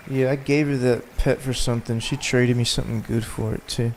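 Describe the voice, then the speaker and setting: A man's voice: mid-range voice, fairly even intonation, fairly quick, few pauses, a little mellow, slight background noise. A man hosting a casual gaming livestream, chatting loosely with his viewers while he plays. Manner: laid-back, chatting with viewers while playing. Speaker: livestream host.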